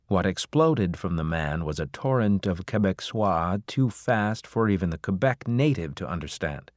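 A man's voice: low voice, lively intonation, moderate pace, hardly any pauses, no room sound. Man reading an audiobook, dry sound. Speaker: audiobook narrator. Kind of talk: audiobook narration.

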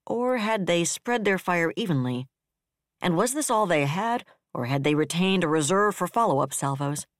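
An audiobook narrator reading military science fiction in a steady, even storytelling manner. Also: medium pitch, normal speed, dry recording, studio quality.

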